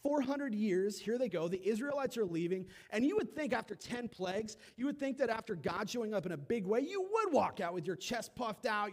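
A young man delivers a relaxed, conversational sermon, slipping into characters as he tells the story. His voice sits a touch high for a man and leaps from hushed asides to loud, excited bursts. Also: brisk, few pauses. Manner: animated, acts out quotes with shifting loudness.

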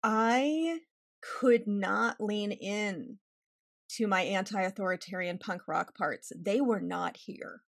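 A woman's voice: medium pitch, slow pace, gravelly, no echo, clean studio sound. A woman in her forties, a therapist guest in a casual interview, talking candidly and wryly and laughing often. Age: 40s.

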